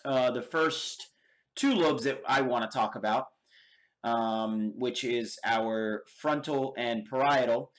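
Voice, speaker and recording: An American man teaching an anatomy lab, explaining step by step and checking in with his students often. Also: mid-range voice. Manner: slow and deliberate, checks in with okay and all right. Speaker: anatomy instructor. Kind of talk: lab demonstration lecture.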